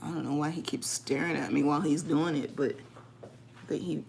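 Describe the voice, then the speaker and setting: A woman's voice: deep voice, steady tone, normal speed, creaky, a little mellow, slight background noise. Playful woman chatting on a live stream. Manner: playful, teasing, laughs often. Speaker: vlogger chatting with live viewers. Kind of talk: casual live-stream chat.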